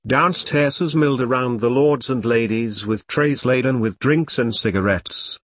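A man narrating a dark comic story in a steady audiobook reading. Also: medium pitch, a little slow, hardly any pauses, no room sound.

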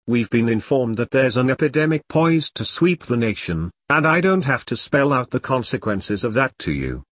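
A man's voice: medium pitch, sing-song, normal speed, fairly bright tone, no room sound. Guy reading pompous bossy army captain, dismissive, dry close sound. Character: pompous self-important middle-aged male platoon captain.

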